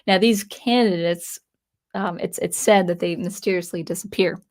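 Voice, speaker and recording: A woman's voice: fairly low pitch, fairly even intonation, moderate pace, a little mellow. A woman giving a casual, unscripted comic book review, retelling the plot in a chatty way with frequent restarts.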